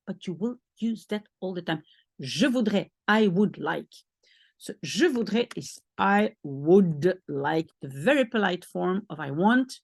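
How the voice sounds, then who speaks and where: A woman's voice: mid-range voice, gravelly, no echo. A woman from Belgium, a native Dutch speaker with a Belgian accent, patiently teaching beginner French and repeating phrases as she thinks aloud. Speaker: language teacher.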